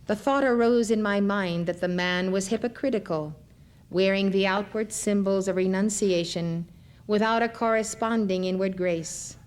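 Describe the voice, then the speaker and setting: A man's voice: sits high, fairly even intonation, normal speed, clear, resonant tone, close to an everyday voice. A woman voicing a devout male disciple who speaks in a reverent, reflective way. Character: devout male disciple recalling a holy encounter.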